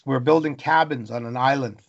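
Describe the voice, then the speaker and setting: A man from Canada, a guest on a podcast, telling stories about the wilderness in an animated way, piling up long lists of things. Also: medium pitch, brisk, lo-fi sound. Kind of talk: storytelling interview.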